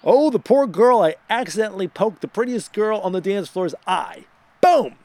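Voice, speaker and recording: A man hosting a casual radio show, telling a funny personal story in a lively, self-deprecating way. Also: normal speed, no room sound. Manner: animated, self-deprecating, rises in pitch when excited.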